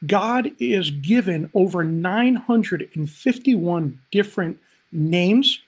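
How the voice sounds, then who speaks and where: A man's voice: sits high, animated, slow pace, darkish tone, slightly rough. A man speaking as a pastor on a livestream, upbeat and talking straight to viewers in the chat. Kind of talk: livestream Bible teaching.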